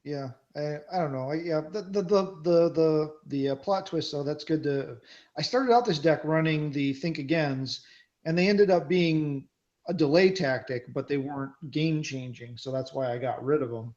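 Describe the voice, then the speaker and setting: A man's voice: fairly high pitch, moderate pace, a little mellow, dull audio. A man playing a card game, chatting casually and thinking aloud about his moves. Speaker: card game player and co-host. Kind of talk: casual gameplay chat.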